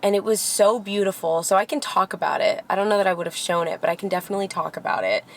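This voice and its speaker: A woman's voice: mid-range voice, expressive, fast. A young woman vlogger telling a personal story in a candid, heartfelt way, with lots of "like" fillers. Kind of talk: casual vlog storytelling. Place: Los Angeles area.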